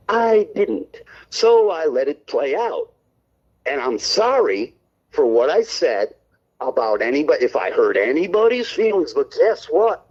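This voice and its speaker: A man's voice: a little high, darkish tone, slightly rough, highs cut off. A man co-hosting a call-in stream show, ranting on air in a brash, defensive and profane way. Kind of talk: heated on-air rant.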